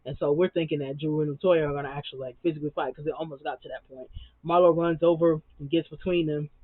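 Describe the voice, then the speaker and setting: A TV recap vlogger gives a casual, sassy rundown of reality TV, packed with slang and repeated words for emphasis. His voice is on the high side, steady and quick, and the recording is dry and tinny like a phone, with no room sound.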